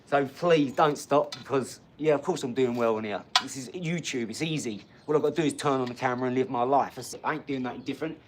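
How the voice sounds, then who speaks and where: A man's voice: mid-range voice, fast talker, hardly any pauses, a little hiss or hum. A man, chatting bluntly on a livestream and answering viewers' comments, swearing and often laughing as he talks. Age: 40s. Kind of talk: casual livestream chat.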